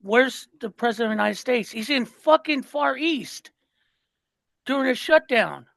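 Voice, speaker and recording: A man's voice: very high-pitched, lively intonation, normal speed, vocal fry, a bit bright, no room sound, poor audio. An older man co-hosting a political podcast, ranting with passion and plenty of profanity. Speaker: podcast co-host. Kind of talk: heated political podcast chat.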